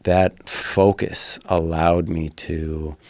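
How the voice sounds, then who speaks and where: A man's voice: sits low, level tone, very slow, darkish tone, dry recording. A man in his thirties, a fighter and podcast guest, telling his personal story in an earnest, blunt way with some swearing.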